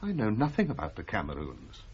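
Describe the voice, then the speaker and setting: An actor playing a formal, impatient British official who questions a witness, with a husky voice and a curt manner. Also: male voice, lowish voice, wildly swooping pitch, a little fast, a little mellow, heavily acted. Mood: exasperated. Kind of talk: radio drama acting. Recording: dull lo-fi radio recording.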